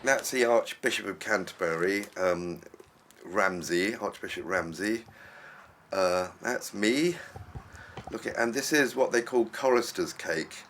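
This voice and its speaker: A man's voice: on the low side, measured pace, fairly bright tone. An older Englishman, a musician, telling rambling, chatty anecdotes in a documentary interview. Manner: chatty, rambling storyteller who laughs easily. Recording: noisy ambient documentary recording.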